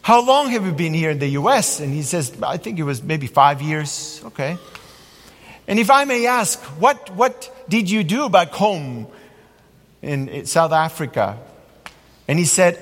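Animated male preacher in a reverberant hall. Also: fairly high pitch, moderate pace. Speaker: pastor. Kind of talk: sermon.

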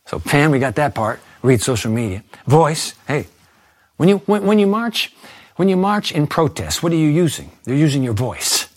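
Man, pastor, sermon, animated delivery, swooping pitch, dry close sound. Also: normal speed, no room sound. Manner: animated preaching, reads quotes aloud.

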